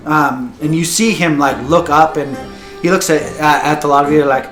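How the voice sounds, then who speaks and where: A man's voice: on the high side, fairly even intonation, moderate pace, fairly bright tone. A man narrating a tabletop game as game master, with frequent fillers and hesitations. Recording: echoey room, music behind.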